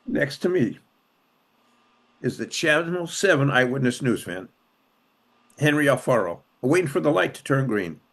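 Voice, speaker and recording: An older man from Los Angeles tells his story in an interview, pressing his points with repeated phrases. His voice sits in a middle pitch and swings up and down as the emotion takes hold. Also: animated, measured pace, vocal fry, long pauses. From Los Angeles, USA. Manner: impassioned, emphatic repetition; emotional retelling, voice rising and dropping sharply. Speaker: interview guest, former police officer and city councilman. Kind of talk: conversational storytelling.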